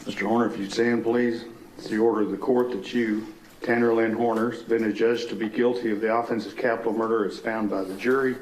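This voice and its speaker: A man, serving as a judge, reads a formal courtroom sentence in a measured way. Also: lowish voice, level tone. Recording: echoey courtroom with faint noise.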